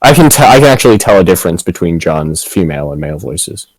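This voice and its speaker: A man's voice: low-pitched, very animated, fast, dry recording, rough recording. A man chatting casually between tabletop game turns, rambling and restarting his sentences. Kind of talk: casual chat.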